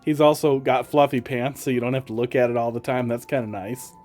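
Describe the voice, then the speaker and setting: A man's voice: mid-range voice, little pitch movement, fairly quick, a little mellow. A man with a slight Wisconsin accent, streaming and chatting casually with viewers while talking to his cats in a sing-song voice. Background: faint music.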